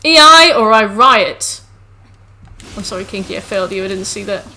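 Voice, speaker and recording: Lively-voiced woman chatting on stream. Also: mid-range voice, moderate pace. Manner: chatty, talks to chat and scolds her cats between game remarks. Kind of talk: casual live-stream chat while gaming.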